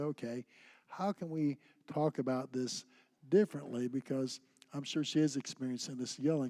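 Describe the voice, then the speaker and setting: A man's voice: mid-range voice, no echo. Dry-sounding man telling a family story. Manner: anecdotal, animated storyteller. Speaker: church teacher. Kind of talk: conversational church class talk.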